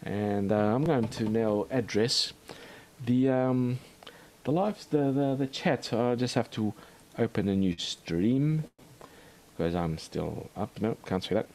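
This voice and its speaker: An Australian man hosting a livestream in a rambling, halting chat full of fillers and restarts. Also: mid-range voice, darkish tone, a little hiss or hum. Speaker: livestream host.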